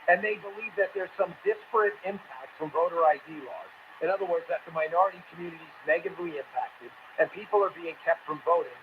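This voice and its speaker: Middle-aged male political host, combative and sneering, higher voice, faint hiss behind. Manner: blunt, mocking, repeats insults. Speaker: political talk show host. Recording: tinny phone-like audio, faint hiss.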